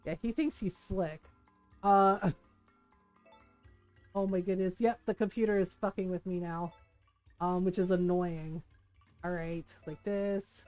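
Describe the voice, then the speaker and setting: A woman's voice: fairly low pitch, fairly even intonation, slow pace, pauses often, a little mellow, soft background music. A woman streaming a video game from home, chatting casually, giggling often and acting out other people's reactions. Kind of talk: casual live-stream chat.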